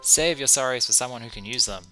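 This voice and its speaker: A man's voice: medium pitch, quick pace, sharp tone, faint music behind, natural voice, poor audio. A man reading as a curt, cold young woman.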